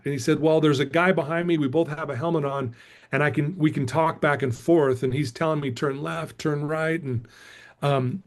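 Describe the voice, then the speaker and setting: A man's voice: on the high side, darkish tone. A middle-aged man giving a casual motivational talk, telling a story earnestly with frequent fillers and restarts. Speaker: motivational speaker and recovery coach.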